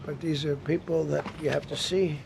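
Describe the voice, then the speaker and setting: A man with a somewhat raised, gravelly voice talks off the cuff at a press briefing. He rambles, circles back and repeats points for emphasis, with a faint hiss of noise behind him. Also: fairly high pitch, steady tone, moderate pace, a little mellow.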